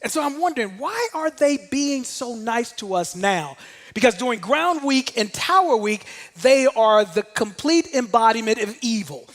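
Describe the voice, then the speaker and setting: A man giving a motivational talk, telling a personal story in an animated way. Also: extremely high pitch, normal speed, big-room sound. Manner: animated storyteller, shouts out quoted commands. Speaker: motivational speaker.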